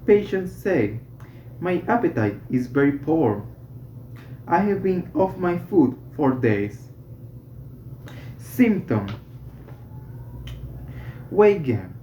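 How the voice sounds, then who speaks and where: Slow, careful reader of a medical textbook. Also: medium pitch, mellow, a little hiss or hum. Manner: slow, careful reading with self-corrections. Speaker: student reading a textbook aloud. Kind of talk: reading textbook vocabulary and exercises aloud. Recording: roomy, slightly dull home recording.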